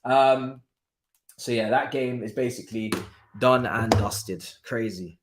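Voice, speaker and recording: A man's voice: mid-range voice, takes it slowly, heavy background noise. A man hosting a live stream, chatting casually and reacting to football with slang. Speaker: streamer host. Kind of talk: casual live match commentary. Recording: echoey room.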